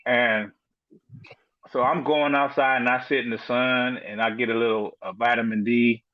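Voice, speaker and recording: A middle-aged man, a podcast guest, telling his story in a casual, animated way, filling it with "you know" and acted-out quotes. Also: mid-range voice, moderate pace, no room sound, dull audio.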